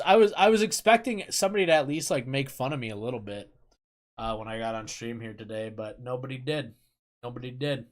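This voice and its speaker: A man's voice: medium pitch, fairly bright tone. A young man chatting loosely with his stream viewers from his computer at home. He rambles, laughs often and answers chat messages as they come in. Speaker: livestream host.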